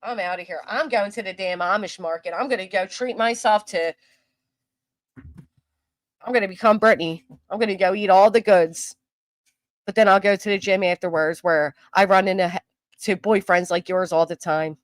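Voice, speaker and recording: A woman's voice: mid-range voice, normal speed, no echo, poor audio. A woman hosting her commentary channel, ranting in a heated, profane, scolding way. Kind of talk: angry commentary rant.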